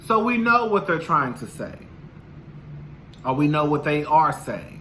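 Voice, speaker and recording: A man vlogging casually to camera, sassy and expressive, calling his listeners "girl". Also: on the high side, unhurried, a little hiss or hum.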